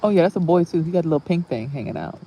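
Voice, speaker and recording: A young woman rambling casually in a spiritual vlog outdoors, animated and swearing, exclaiming at things she sees. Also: low-pitched, very fast, slight background noise. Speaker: spiritual vlogger and reader. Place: outdoors near trees.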